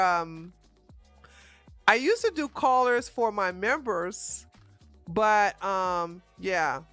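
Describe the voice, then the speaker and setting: A woman's voice: medium pitch, bright, forceful tone, dry recording. A woman hosting a casual livestream, chatting frankly with viewers and reading their comments, with many restarts and laughs. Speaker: livestream host.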